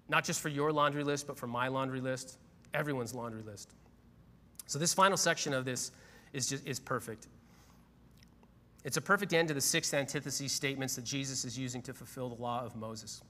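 A man's voice: medium pitch, pushed and bright. A middle-aged man, a pastor, telling a personal story in a conversational sermon, with frequent asides to the congregation. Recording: long hall reverb.

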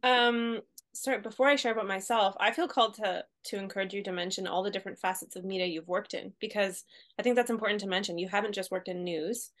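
A woman's voice: mid-range voice, fairly even intonation, quick pace, fairly bright tone. Giggly woman co-hosting a podcast. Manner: laughs easily, conversational, storytelling. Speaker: podcast co-host. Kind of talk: casual podcast chat.

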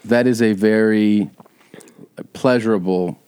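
A male podcast host chatting casually, curious and relaxed, sometimes swearing. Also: on the low side, slow pace, clear, resonant tone. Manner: laid-back, curious, swears.

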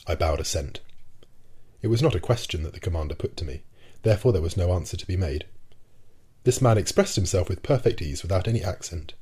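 Deep-voiced, husky male narrator. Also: expressive, a little fast, mellow. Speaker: audiobook narrator. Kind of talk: scripted narration of a classic novel.

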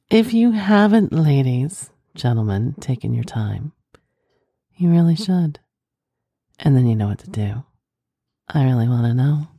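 A woman hosting an intimate adult advice talk and reading listener letters, speaking in a slow, teasing, suggestive way with murmured hums. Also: extremely low pitch, sing-song, mellow, slightly rough, no echo, clean studio sound.

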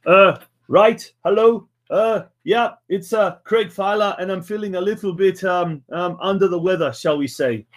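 A man voicing a hungover fifty-year-old man in a party mask, mumbling haltingly in a put-on Welsh accent. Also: sits high, lightly acted. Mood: groggy.

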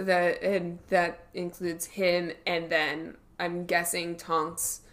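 Slow-talking woman podcast co-host. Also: fairly low pitch, flat delivery, a bit bright. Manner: agreeable, thinking aloud, slow. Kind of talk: casual discussion.

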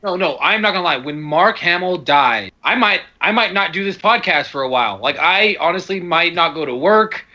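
A man's voice: sits high, animated, normal speed, few pauses, bright, forceful tone. A man co-hosting a casual podcast, talking emphatically and repeating himself, swearing often. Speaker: podcast co-host. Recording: dull lo-fi audio.

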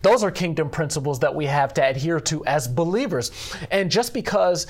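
A man who directs a church ministry, speaking earnestly in an interview about faith, measured and leaning on "you know.". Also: a little high, expressive, slightly rough.

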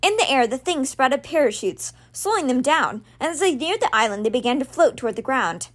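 A woman with a high voice reads a novel aloud, carrying the narration at a steady pace. Her storytelling is lightly expressive and even. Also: fairly quick. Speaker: book reader, podcast host.

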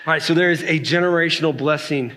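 Animated high-voiced male preacher. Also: fast talker, noisy background. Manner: animated, emphatic preaching with frequent "right?" tags. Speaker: pastor. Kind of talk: sermon.

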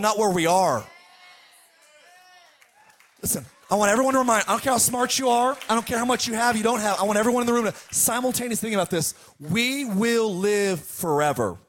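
A man preaching a fired-up sermon to his church, swinging from hushed passages to shouted ones. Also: extremely high pitch. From United States. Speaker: pastor.

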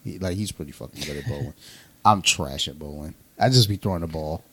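A man's voice: extremely low pitch, a little fast, a bit bright, breathy edge. A man co-hosting a casual podcast, telling a profane, laugh-filled story with slang. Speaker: podcast co-host.

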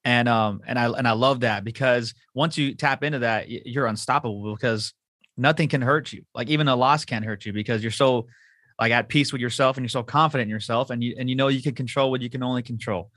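A man's voice: medium pitch, fairly quick, fairly bright tone, dry recording, clean studio sound. A man hosting a podcast, talking casually and enthusiastically with his guest. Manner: casual, enthusiastic, loose phrasing. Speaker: podcast host. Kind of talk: podcast interview.

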